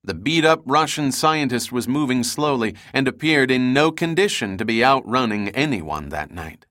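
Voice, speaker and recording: A man reading an action novel aloud as an audiobook narrator, with steady dramatic storytelling. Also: mid-range voice, moderate pace, no echo, studio quality.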